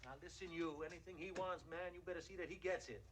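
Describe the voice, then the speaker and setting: An actor as a gruff Southern police chief. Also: male voice, a little high, close to an everyday voice. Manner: barking, hurried, bossy. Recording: noisy old film audio.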